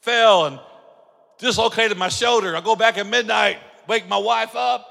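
A man preaching a sermon as pastor, telling stories and acting out dialogue, building up to shouting. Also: sits high, moderate pace, creaky. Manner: animated storytelling, acts out dialogue, builds to shouting. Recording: long hall reverb.

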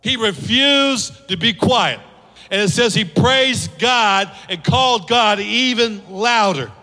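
Brief: passionate male pastor, forceful tone, long church reverb. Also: high-pitched, slow pace. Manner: passionate, exhorting, rhetorical questions. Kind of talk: sermon. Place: church sanctuary.

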